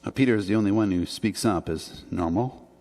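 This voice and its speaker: A pastor from Canada preaches in a church sanctuary with a fairly low, mellow voice, going a little fast. He stays earnest and conversational, lifting emphatically on key points, and the recording has long church reverb.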